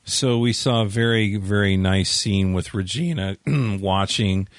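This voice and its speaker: A man with a very deep voice co-hosting a casual recap podcast. He speaks in a halting, easygoing way, trailing off and picking up his thoughts, and the sound is dry and close to the mic. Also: no room sound. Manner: halting, relaxed, trails off mid-sentence. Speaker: podcast co-host. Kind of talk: casual chat recapping a TV episode.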